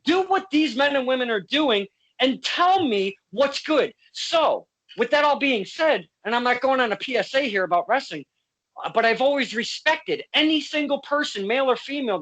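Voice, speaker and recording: Bright-voiced, blunt interview host woman. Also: high-pitched, rough recording. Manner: blunt, swears, passionate, many restarts. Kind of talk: casual interview chat.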